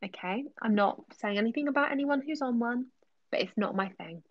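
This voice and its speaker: A young woman hosting a relaxed livestream, answering chat questions in a chatty voice that slips into soft whispers. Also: a little high, a little fast, dull audio. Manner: chatty, drifting between normal voice and soft whispers. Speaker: ASMR livestream host.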